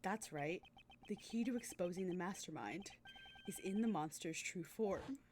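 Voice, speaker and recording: A woman voicing a cool, formal male prosecutor, reading a game aloud in a lowered, measured delivery. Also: expressive, darkish tone, slight background noise, natural voice. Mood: calm, deductive. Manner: measured, lowered, deliberate speech.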